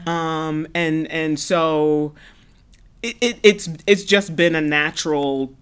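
A woman's voice: sits low, slow, smooth. Earnest woman guest from Brooklyn. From Brooklyn, New York. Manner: earnest and heartfelt, with frequent restarts and emphatic repetition. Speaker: guest, parent. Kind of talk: casual conversational storytelling.

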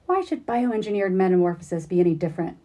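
A woman reads the part of a scheming teacher mutating into a moth, lecturing in a smug way and dropping lower than her usual speech. Her tone stays cool and superior. It sounds like a storybook villain read aloud. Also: sing-song, fast talker, mellow. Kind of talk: dramatic reading.

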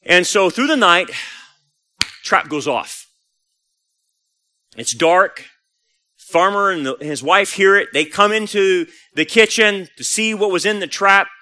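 A man's voice: high-pitched, slow pace, pauses often, bright, forceful tone. A man preaching a sermon as a pastor, telling a story animatedly and acting out the voices.

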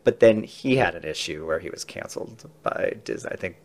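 A man's voice: deep voice, fairly quick. A man on a podcast telling entertainment interview stories in a casual chat, acting out the quotes. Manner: animated anecdotes acting out quotes.

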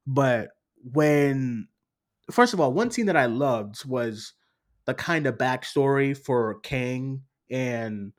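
Guy talking movies with friends, lively and laughing, normal pitch. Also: slow. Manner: animated, laughs often, mimics others in high voice. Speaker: podcast co-host. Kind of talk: casual movie review chat.

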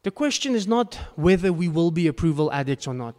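A male pastor delivers an earnest sermon with sudden emphatic bursts. His voice sits somewhat high for a man. The sound carries a long reverb tail, as if from a large church hall. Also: very animated, brisk, a little mellow.

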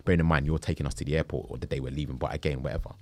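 A man, telling a story in a casual interview, animated and slangy. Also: extremely low pitch, very fast, no room sound. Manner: animated, slangy, acts out quotes. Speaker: travel group founder.

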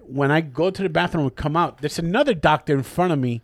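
This podcast host has a fairly high voice and races along with hardly a pause, recorded with no room sound. He tells a story casually, swearing constantly and acting out the voices of the people involved.

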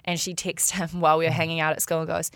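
A woman's voice: low-pitched, little pitch movement, fast, no room sound, clean studio sound. A woman, a podcast guest, telling funny stories in a chatty way and laughing often. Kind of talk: casual storytelling.

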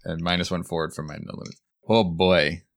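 A man's voice: deep voice, little pitch movement, a little fast, a little hiss or hum. A man playing in a tabletop role-playing game, talking casually and thinking aloud about what his character does. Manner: easygoing, thinks aloud with fillers. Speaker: player.

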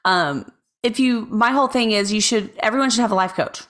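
A woman's voice: mid-range voice, a little fast, a bit bright. A woman co-hosting a podcast in casual chat, playful and chatty, with frequent restarts. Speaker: podcast co-host.

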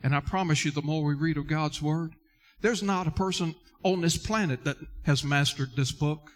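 A man's voice: fairly high pitch, normal speed. A male pastor preaching a sermon earnestly, addressing listeners directly and repeating key words for emphasis.

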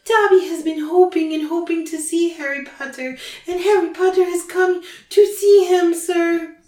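A woman's voice: very high-pitched, fairly even intonation, moderate pace, mellow, voice pushed up. Dobby, a squealing house elf, as a woman puts him on. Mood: overjoyed. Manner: squealing, breathless eagerness. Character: tiny excitable male house elf. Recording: roomy, distant from mic.

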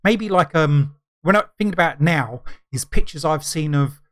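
Rambling middle-aged man, slightly high. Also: a bit bright. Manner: rambling, halting, many fillers and restarts. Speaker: podcast co-host. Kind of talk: casual chat.

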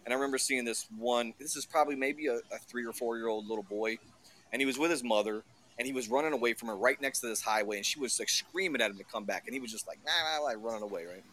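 A man's voice: mid-range voice, fast talker, fairly bright tone. A man in casual podcast chat, blunt and swearing freely as he tells stories.

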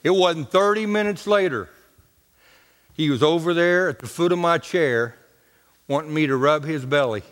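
Brief: homespun male preacher, high for a man, in a church with long reverb. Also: moderate pace, long pauses, a bit bright. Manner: homespun and colloquial, talks to the congregation. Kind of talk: folksy storytelling sermon.

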